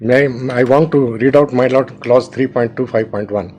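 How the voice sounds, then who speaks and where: A man's voice: medium pitch, moderate pace, darkish tone, a little hiss or hum, low-quality recording. A man with an Indian English accent arguing a case in court as an advocate. He reads legal clauses aloud, addresses the bench with deference, and sometimes halts and restarts words. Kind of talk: formal courtroom argument.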